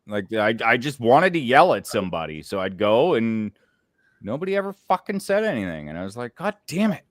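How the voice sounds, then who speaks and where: A man's voice: medium pitch, big pitch swings, a little fast, no room sound, clean studio sound. A man in casual podcast chat, sarcastic and profane, grumbling about people.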